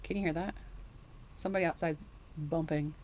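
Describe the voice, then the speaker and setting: A woman's voice: low-pitched, fairly even intonation, fairly quick, a little mellow, slight background noise. Woman doing a tarot reading, talks straight to you, rambly and chatty. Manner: rambling, chatty, addresses the viewer directly. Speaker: tarot reader. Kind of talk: casual intuitive tarot reading.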